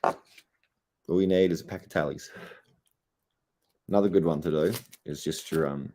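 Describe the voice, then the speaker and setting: A man's voice: rumbling low, measured pace, mellow, a little hiss or hum. A young Australian man, stoned and laid-back, rambling and swearing heavily in a casual livestream chat. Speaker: streamer.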